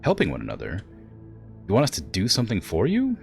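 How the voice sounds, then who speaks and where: A cynical, suspicious mercenary crewwoman, voiced by a man. She talks bluntly, in a very low voice with lively pitch. Nothing about her sounds trusting. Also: fast talker, creaky, soft background music, heavily acted. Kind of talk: reading game dialogue aloud.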